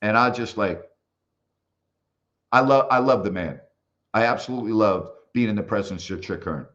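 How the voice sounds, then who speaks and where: An older man, formerly a basketball broadcaster, tells stories at a moderate pace in a casual interview, performing the voices of those he quotes. His voice is lowish, and the recording is lo-fi.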